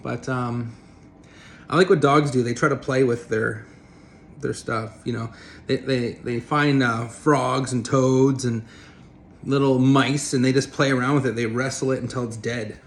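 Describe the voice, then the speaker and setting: A man rambles through a loose, blunt rant to camera, swearing casually between filler words. His pitch sits in the middle range for a man, and faint room noise hums behind him. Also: steady tone, unhurried. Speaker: vlogger.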